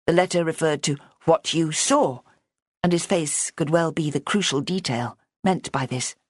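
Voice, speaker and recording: A woman narrating a mystery audiobook in a measured, even storytelling manner. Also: sits low, no echo, studio quality. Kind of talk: scripted narration.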